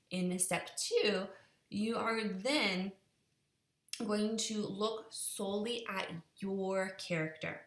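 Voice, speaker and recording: A woman's voice: fairly low pitch, roomy sound. A woman teacher patiently explaining a group assignment step by step. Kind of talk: classroom instructions.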